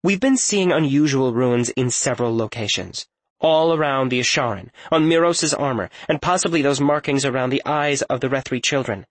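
A man's voice: mid-range voice, expressive, normal speed, no room sound, lightly acted. A man voicing a thoughtful young woman scholar in an audiobook, reasoning through a puzzle carefully. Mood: analytical. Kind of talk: audiobook character voice.

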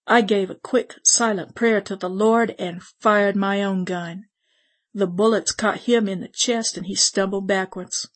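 A woman reading a western story aloud in the first person, with measured, steady storytelling. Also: medium pitch. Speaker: audiobook narrator. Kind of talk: scripted first-person narration.

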